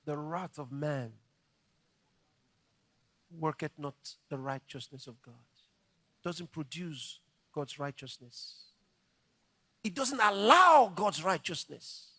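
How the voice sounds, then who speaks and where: Animated male preacher, bright and lively. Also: a little high, slow, long pauses, no echo. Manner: animated preaching, dramatic storytelling. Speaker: pastor. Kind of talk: sermon.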